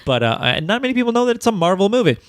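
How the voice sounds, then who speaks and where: A man co-hosting a podcast in casual chat, animated and swearing, often acting out scenes in silly voices. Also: high-pitched, very fast, clean tone, no echo, studio quality. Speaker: podcast co-host.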